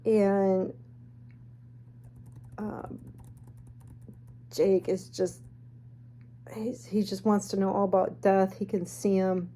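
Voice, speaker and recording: A woman telling a spooky personal story in a chatty, animated way with snarky asides. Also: medium pitch, takes it slowly, pauses often. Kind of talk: casual storytelling.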